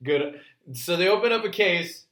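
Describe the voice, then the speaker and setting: A man co-hosting a casual podcast chat, joking and laughing through lively banter. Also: medium pitch, normal speed, reverberant. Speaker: podcast co-host.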